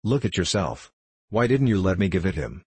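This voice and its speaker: A young man burning with quiet, intense rage as he stands up to his father, as a male reader plays him. The voice stays low and slightly husky, close and dry in the recording. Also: very animated, normal speed, no echo, heavily acted. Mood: urgent. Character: angry young man defending his mother.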